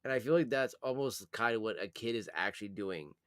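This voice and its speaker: Animated laughing young man, dry close sound. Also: on the low side, fairly quick, no echo. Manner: animated, laughing often, swearing freely. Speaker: channel host. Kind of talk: casual chat.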